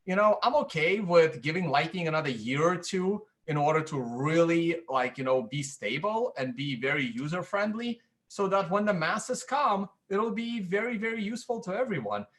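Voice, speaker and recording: Male podcast host, slightly high voice, casual and chatty, talks with easy self-deprecating asides. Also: expressive, moderate pace, few pauses, fairly bright tone. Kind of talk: casual chat.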